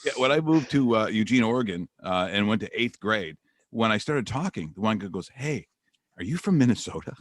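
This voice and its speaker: Middle aged guy hosting sports radio, low voice, rambles, bounces all over in pitch. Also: fairly quick. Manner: rambling, animated storytelling. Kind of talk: radio interview chat.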